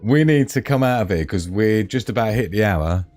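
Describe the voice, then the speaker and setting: A man's voice: lowish voice, animated, moderate pace, a little mellow, soft background music. A middle-aged British man hosting a live stream, reading viewer comments aloud in a jokey, chatty way and laughing often. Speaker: livestream host.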